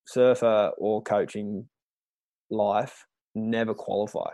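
A laid-back man hosts a casual chat, voice on the low side. He rambles and circles back with plenty of fillers. The sound is close and dry. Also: fairly even intonation, slow, warm tone, no room sound.

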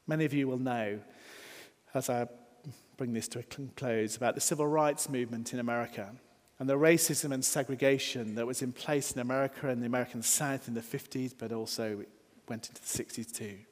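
A man preaching a sermon, earnest, building emphasis with rising lines and then dropping soft. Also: medium pitch, fairly even intonation, a little fast, in a large hall. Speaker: pastor.

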